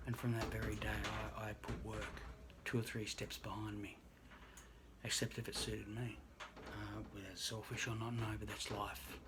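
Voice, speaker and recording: A man's voice: fairly low pitch, flat delivery. Earnest man in a noisy recording. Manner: earnest, halting, drops into hushed near-whispers. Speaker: registered nurse. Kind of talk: personal story told to camera.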